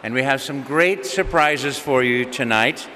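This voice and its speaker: A man's voice: mid-range voice, a little slow, pushed and bright, big-room sound, a little hiss or hum. A man serving as master of ceremonies at a banquet, welcoming guests and running through the evening's program cheerfully and formally. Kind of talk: banquet emcee announcements. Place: large banquet hall.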